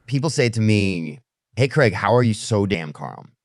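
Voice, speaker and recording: A man playing an eerily calm oddball, talking in a flat, unbothered, soft-spoken way. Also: lowish voice, moderate pace, dry recording. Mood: serene. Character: eerily calm odd man with strange routines. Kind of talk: deadpan comedy monologue.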